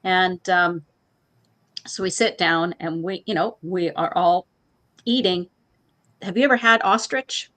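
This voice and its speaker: A middle-aged woman co-hosting a morning show, telling family food stories in a casual chat and acting out relatives in higher voices, laughing often. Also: a little slow, pauses often, fairly bright tone.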